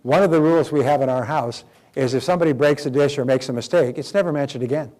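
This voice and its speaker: A middle-aged man delivers a motivational seminar lesson in an emphatic, lively way. He voices little scenes of dialogue to make his points. His pitch sits in the middle for a man. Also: fast. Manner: emphatic, acts out quoted dialogue. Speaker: self-development speaker.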